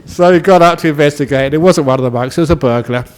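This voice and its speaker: A man who is a Buddhist monk giving a relaxed, humorous dharma talk and telling a story, often laughing. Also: on the high side, racing.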